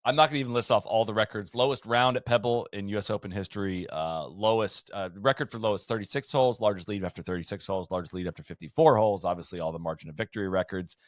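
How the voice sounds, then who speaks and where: A man's voice: lowish voice, fast talker, few pauses, dry recording, studio quality. A man hosting a podcast, telling golf history in a casual, storytelling way and reading out quotes and stats. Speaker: podcast host.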